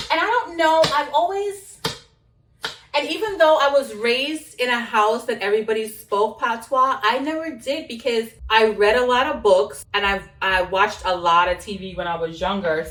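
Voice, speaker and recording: A woman's voice: a little high, animated, normal speed, fairly bright tone. A young woman chatting casually as she cooks in her kitchen. She is playful and laughs at herself. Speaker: cooking vlogger. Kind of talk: casual chat while cooking. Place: home kitchen. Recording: roomy sound from a distance.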